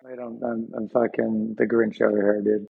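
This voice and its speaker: Gravelly young man teasing wryly. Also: fairly low pitch, little pitch movement, normal speed, narrow, tinny audio. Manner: wry and teasing. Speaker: podcast co-host. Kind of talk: casual chat.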